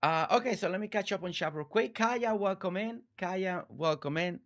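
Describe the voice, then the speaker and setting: A man with a high voice streams a farming game live, talking at a moderate pace with few pauses. He chats casually and warmly, reading chat aloud and thanking viewers by name.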